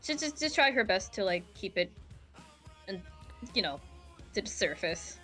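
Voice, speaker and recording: A young woman playing a tabletop game, talking in a casual, halting way. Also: mid-range voice, very animated, sharp tone, husky, soft background music. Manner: hesitant, halting. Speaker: player.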